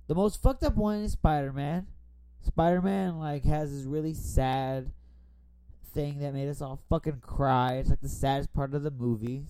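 A man hosts a podcast while tipsy, chatting casually in a rambling, profane way. His mid-range voice has a dark tone, recorded on a borrowed studio microphone with no room sound.

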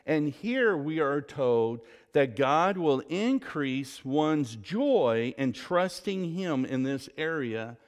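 A man preaching a sermon as pastor, telling stories with emphatic, drawn-out stresses and saying "y'all". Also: a little high, long reverb tail. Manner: Southern "y'all".

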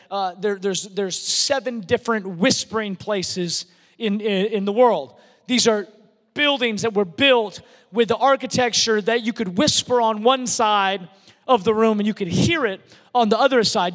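A man preaching in a big hall with a long reverb trailing off his words. His voice sits very high for a man, and he presses his points hard, often doubling words as he builds up. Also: fairly bright tone. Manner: emphatic, repeats words when building a point. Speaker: pastor. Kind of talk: sermon. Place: large church hall.

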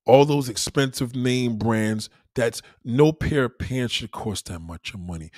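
A man's voice: medium pitch, unhurried, dry recording. Profane man ranting, dry close sound. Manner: profane, emphatic, full of rhetorical questions. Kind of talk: ranting monologue.

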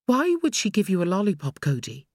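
A woman's voice: mid-range voice, wildly swooping pitch, brisk, no room sound, studio quality, pitched above the performer's own voice. A woman voicing a worried young mother in an audiobook. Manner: firm, worried.

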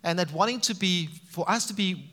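A man preaching a sermon, animated and emphatic, with frequent rises for emphasis. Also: high-pitched, brisk. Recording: reverberant hall sound.

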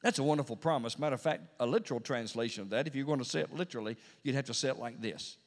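A man's voice: mid-range voice, rapid-fire. Preaching man in a reverberant hall. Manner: preaching with wide swings between hushed and loud; repeats phrases for emphasis. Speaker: pastor. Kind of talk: Pentecostal sermon. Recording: long reverb of a large hall.

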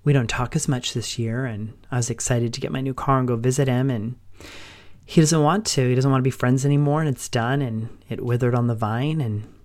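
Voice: medium pitch, a little mellow. Middle-aged podcast host, openly emotional. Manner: open and emotional, long run-on sentences linked with "and". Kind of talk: reflective personal monologue.

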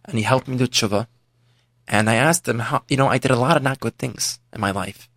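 A man's voice: medium pitch, brisk, a bit bright, no room sound, clean studio sound, voice pushed down. A man voicing a repentant rich old man. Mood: confessional. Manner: earnest, confessional first-person telling. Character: repentant rich man, former priest, older.

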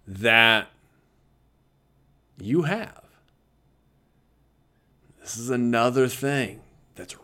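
A man's voice: mid-range voice, fairly bright tone. A man who teaches visual arts, talking earnestly and conversationally to fellow teachers and laughing easily.

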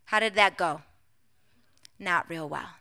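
A woman preaching a sermon, acting out scripture quotes loudly and dropping to hushed asides. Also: on the low side, takes it slowly, creaky. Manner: dramatic, swinging from loud acted quotes to hushed asides.

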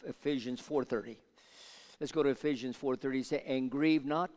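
An older man preaching a sermon, moving from quiet Bible teaching to loud call-and-response with the congregation. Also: medium pitch, fairly even intonation, a little fast. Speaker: pastor. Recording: long hall reverb.

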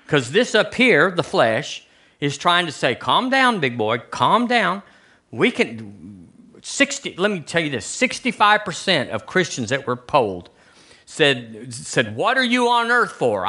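A man's voice: on the high side, pushed and bright. A man preaching a conversational sermon in a church, asking the congregation rhetorical questions. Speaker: pastor. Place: church sanctuary.

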